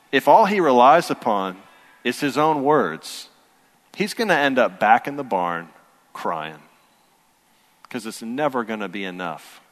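Man, pastor, thirties, mid-pitched voice, chatty sermon storytelling, long hall reverb. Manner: conversational storytelling, building to earnest emphasis.

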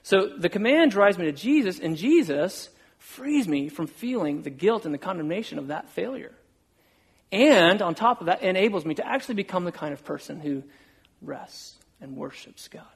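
A man's voice: high-pitched, lively intonation, normal speed, creaky, breathy edge. A middle-aged male pastor giving a casual, self-deprecating sermon and acting out quoted conversations.

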